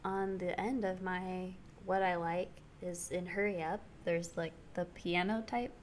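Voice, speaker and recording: A woman's voice: fairly low pitch, steady tone, measured pace, a little hiss or hum. A young woman co-hosting a casual podcast, chatty and jokey, laughing often. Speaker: podcast co-host. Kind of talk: casual chat.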